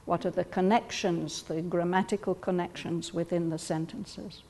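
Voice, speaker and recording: A woman leading a study group, speaking slowly and thoughtfully as she explains ideas to the others. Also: on the low side, steady tone, long reverb tail, slight background noise. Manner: slow, thoughtful, gently explaining. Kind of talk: reflective group discussion.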